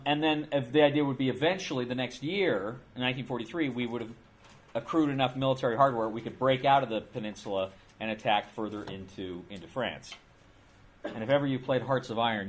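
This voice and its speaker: A man giving an informal history lecture in a classroom, talking casually and repeating his points. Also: medium pitch. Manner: casual, conversational, with repeated phrases and restarts.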